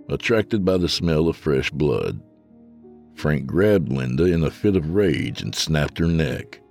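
Deep, gravelly man narrating horror. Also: darkish tone. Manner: slow, grave storytelling. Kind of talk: dramatic horror story narration.

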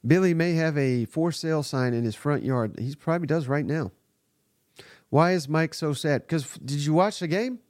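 A man's voice: on the high side, normal speed, darkish tone, no room sound, studio quality. A man hosting a live sports reaction podcast, giving blunt, exasperated and profane commentary. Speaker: podcast host.

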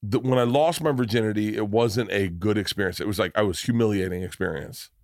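A man's voice: on the low side, quick pace, darkish tone, no echo, studio quality. Self-deprecating man telling a rambling story. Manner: rambling, self-deprecating, lots of restarts and laughs. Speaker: podcast host. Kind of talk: casual comedic storytelling.

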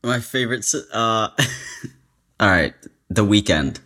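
A man talking as a guest in a casual chat, hesitant and halting with fillers. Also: lowish voice, animated, pushed and bright.

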